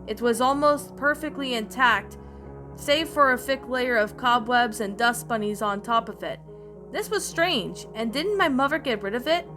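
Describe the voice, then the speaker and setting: A woman narrating a creepy story in a slightly halting reading voice, with restarts, over faint background music. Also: fairly high pitch.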